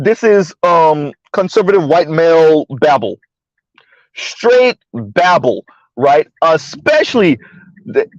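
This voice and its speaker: Guy ranting live on stream, kinda high voice, dry dull lo-fi sound, cusses a lot. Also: no room sound. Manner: profane, mocking, laughs while ranting. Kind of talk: live stream commentary rant.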